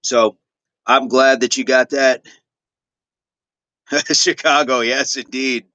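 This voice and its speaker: A middle-aged man with a medium-pitched, steady, sharp voice speaks slowly on a dry recording. Hosting a fitness livestream, he chats casually with viewers and repeats affirmations while reading their comments.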